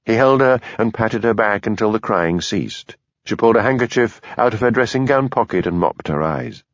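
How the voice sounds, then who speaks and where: A man narrates a mystery audiobook in a low, steady voice. The recording is dry, close and a little dull. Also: moderate pace, no echo. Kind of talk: scripted narration.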